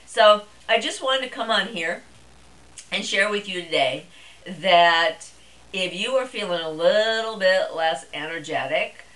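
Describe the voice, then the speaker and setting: A woman's voice: mid-range voice, lively intonation, measured pace, fairly bright tone, poor audio. A middle-aged woman vlogger talking to camera in a chatty, rambling way, with plenty of fillers. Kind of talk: casual monologue to camera.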